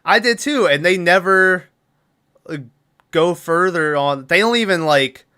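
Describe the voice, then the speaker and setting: A man's voice: high voice, measured pace, bright, forceful tone, smooth. A man co-hosting a podcast, casually recapping a film's plot in a rambling way, laughing often and acting out lines. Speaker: podcast co-host.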